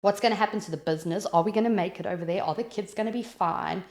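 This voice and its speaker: Woman, South African accent, gravelly, animated chatty storytelling, echoey room. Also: medium pitch, quick pace. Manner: animated, chatty, frequent "like" fillers. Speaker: podcast guest. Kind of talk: personal storytelling in conversation.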